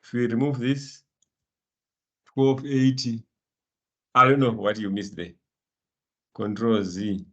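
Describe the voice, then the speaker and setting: A man's voice: medium pitch, fairly even intonation, slow, pauses often, highs cut off. A man teaching a live online finance class, encouraging students by name and laughing often. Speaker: lecturer.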